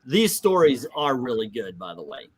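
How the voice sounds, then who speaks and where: A middle-aged man hosting a casual comic book livestream, animated and acting out quotes in little voices. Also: mid-range voice, moderate pace, breathy edge. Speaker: comic book show host.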